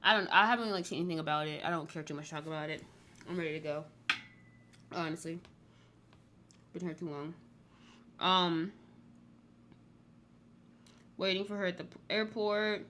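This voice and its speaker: A woman's voice: fairly low pitch, moderate pace, pauses often, sharp tone, slight background noise. A woman casually recapping a reality TV show, rambling and blunt, with lots of "like" in her speech. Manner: candid, blunt.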